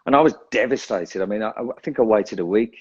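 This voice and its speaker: A man's voice: fairly low pitch, fairly quick, husky, lo-fi sound. A drummer being interviewed, a man talking in a casual, self-deprecating way who laughs often and restarts his sentences. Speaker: guest drummer.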